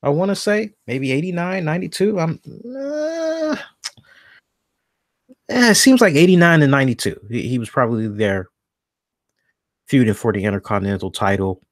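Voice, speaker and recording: A man's voice: medium pitch, fairly quick, no echo, clean studio sound. A man hosting a wrestling podcast alone, talking casually and rambling, thinking aloud and correcting himself as he goes. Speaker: podcast host.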